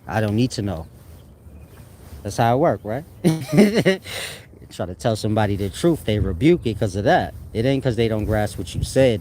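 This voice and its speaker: A man speaking straight to his viewers in a loose, slangy monologue. He laughs often and drifts from point to point, dropping into a low, unhurried preaching tone when he wants to make a point land. There is a faint bit of background noise behind him. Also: warm tone. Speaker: online teacher reading viewer comments. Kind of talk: casual spoken monologue.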